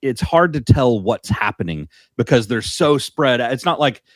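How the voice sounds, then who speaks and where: A man's voice: medium pitch, lively intonation, moderate pace, no echo. A man co-hosting a podcast, chatting in an easygoing way with some hesitations. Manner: easygoing, talks about family life, some hesitations. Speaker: podcast co-host. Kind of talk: casual chat.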